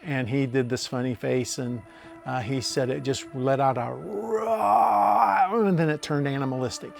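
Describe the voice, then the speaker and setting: A man's voice: medium pitch, level tone, normal speed, creaky, a little mellow, soft background music. An older man, telling a long story in an interview, earnest and drawn out, with many fillers. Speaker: landowner interviewee.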